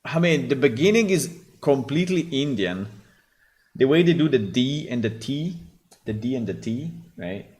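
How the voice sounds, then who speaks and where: A man's voice: mid-range voice, expressive, normal speed, a little mellow. A man with an Italian accent, hosting a developer stream and bluntly critiquing test voices. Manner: blunt, critiques and swears freely. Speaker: game developer host. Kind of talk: casual livestream commentary.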